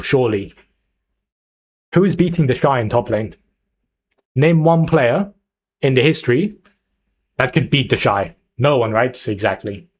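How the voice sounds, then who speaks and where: A young man streaming live, chatting casually and hyping up his viewers as he picks a team. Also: mid-range voice. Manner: chatty, hyped, talks to chat. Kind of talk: casual livestream chat.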